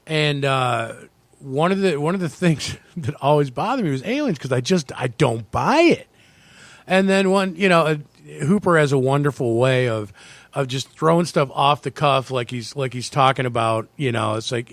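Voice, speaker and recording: Man, podcast host, earnest and reflective, mid pitch, dry sound. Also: normal speed, no room sound. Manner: reflective, earnest, speaks of God. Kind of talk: casual podcast chat.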